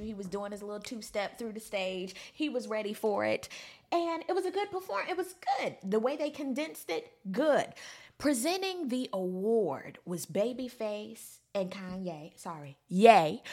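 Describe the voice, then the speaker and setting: A woman giving sassy, animated casual commentary, breaking into squealing high quotes.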